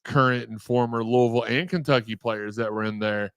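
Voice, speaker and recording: A man's voice: medium pitch, fairly even intonation, fairly quick, smooth, dry recording. A man hosting a sports podcast, chatting in a loose, conversational way. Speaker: podcast host. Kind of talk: casual chat. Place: podcast studio.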